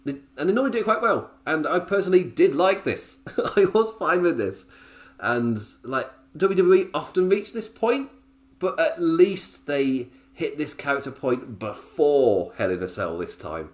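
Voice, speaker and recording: A man's voice: on the high side, expressive, normal speed. Chatty man laughing through a review. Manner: chatty, laughs often, self-amused asides. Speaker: wrestling podcast host. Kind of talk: casual solo show review.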